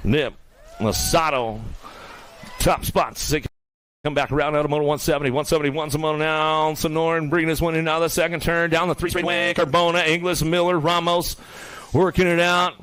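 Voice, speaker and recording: Fast-talking male BMX race announcer. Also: on the high side, little pitch movement, fairly bright tone, clean tone. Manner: rapid-fire play-by-play, jokey nicknames and teasing riders. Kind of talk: live BMX race commentary. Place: outdoor BMX race track.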